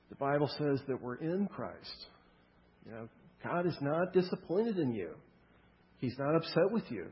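A man preaching a sermon, talking in a relaxed, chatty way and slipping in humorous stories. His voice carries a long echo from a big hall. The sound is a little muffled and dull. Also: medium pitch. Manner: conversational, humorous storytelling. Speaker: pastor.

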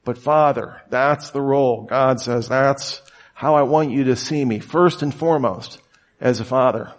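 Guy in his 30s preaching real casual, storytelling, mid-pitched voice. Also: measured pace. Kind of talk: conversational sermon.

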